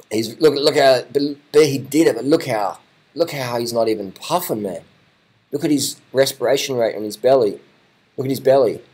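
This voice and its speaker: A man giving casual live reaction commentary, excitable and repetitive, swearing now and then. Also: mid-range voice, slightly rough, poor audio. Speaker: video commentator.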